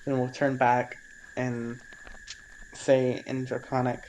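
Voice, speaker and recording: A man's voice: medium pitch, monotone, slow, long pauses, a little mellow, a little hiss or hum, poor audio. A man playing a tabletop game, complaining in an exasperated, joking way. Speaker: player.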